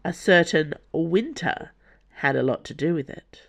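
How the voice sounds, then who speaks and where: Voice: mid-range voice, lively intonation, measured pace, gravelly, a bit bright. An audiobook narrator reading scripted fiction expressively.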